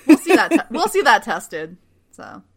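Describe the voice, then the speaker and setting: A woman co-hosting a casual show recap, animated and acting out characters in quick put-on voices. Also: fairly high pitch, breathy edge. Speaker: podcast co-host.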